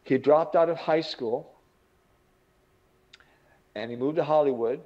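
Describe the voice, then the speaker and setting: A man's voice: a little high, a little slow, highs cut off. A man teaching a self-improvement lesson as an earnest, vivid storyteller. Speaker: motivational teacher. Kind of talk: storytelling lecture.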